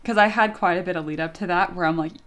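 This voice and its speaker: A woman's voice: lowish voice, quick pace, a bit bright. A young woman chatting casually on a live stream, giggly and self-mocking, swearing freely as she reads chat. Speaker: streamer and 3D sculptor.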